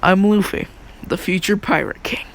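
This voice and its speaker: A man doing a cocky, cheerful young pirate captain in a fan-made story retelling. The voice is high and slightly gravelly, brash and full of casual slang. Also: moderate pace, a bit bright, slight background noise, rough recording. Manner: brash, laid-back slang.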